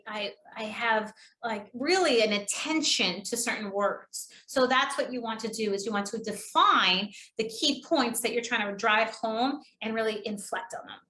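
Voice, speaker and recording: A woman from New England with its accent, a public speaking trainer giving an online lesson, chatty and quick, demonstrating delivery by swinging her pitch. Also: pushed and bright, echoey room. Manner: chatty, casual, fast-talking.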